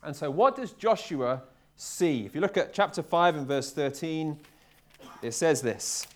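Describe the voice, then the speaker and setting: A man from England preaching a sermon to a live congregation, talking in a relaxed, conversational way and often repeating his words as he goes. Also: a little high, measured pace. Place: church hall with a live congregation.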